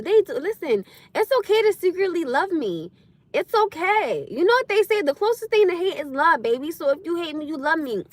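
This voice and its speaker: A woman chatting casually on a livestream, loud and laughing often as she answers comments. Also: high-pitched, expressive, unhurried. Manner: loud, laughing, talks back to chat. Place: in her car.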